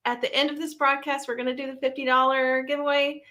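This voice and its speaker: A woman's voice: sits high, flat delivery, fast talker, crowd noise. A woman hosting a chat show who laughs easily and reads viewer comments aloud. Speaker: show host.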